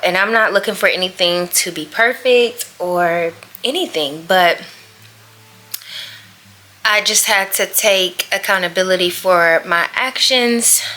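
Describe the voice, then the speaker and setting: A woman's voice: fairly low pitch, slow, pushed and bright, soft background music. A woman in her thirties talking earnestly and reflectively in a personal vlog, often repeating herself. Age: 30s. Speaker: vlogger.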